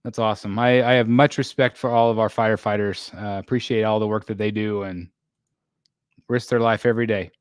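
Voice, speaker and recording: A middle-aged man hosting a casual live stream, reading viewer comments and chatting in a rambling, tired way full of fillers and throat clearing. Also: lowish voice, fairly even intonation, fairly quick, no echo, studio quality.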